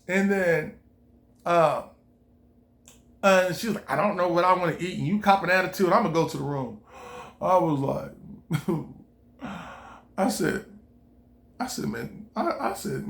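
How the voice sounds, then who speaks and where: A man's voice: sits high, normal speed. A man. He acts out both sides of the conversation with big swings of energy, swearing freely and laughing as he goes. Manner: animated, re-enacts dialogue, swears freely, laughs while telling. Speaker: storyteller. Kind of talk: casual storytelling to camera.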